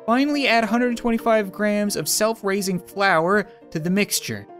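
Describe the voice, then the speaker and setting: A woman giving comedic let's-play commentary, swinging between panicked squeals and dry sarcastic calm. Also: medium pitch, moderate pace, faint music behind. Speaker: gaming video host.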